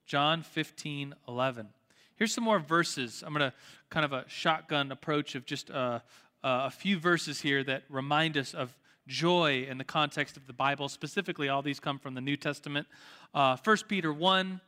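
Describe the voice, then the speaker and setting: Bright high-voiced man teaching in a reverberant hall. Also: normal speed, clear, resonant tone. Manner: conversational, lively, self-correcting with frequent fillers. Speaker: church teacher leading a group study. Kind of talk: informal sermon with table discussion. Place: room with tables full of listeners.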